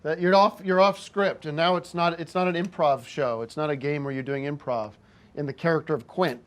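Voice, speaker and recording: A man's voice: on the high side, fairly even intonation, fairly quick, a bit bright. A man hosting a show, angrily berating and swearing at a co-host. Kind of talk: heated on-air argument.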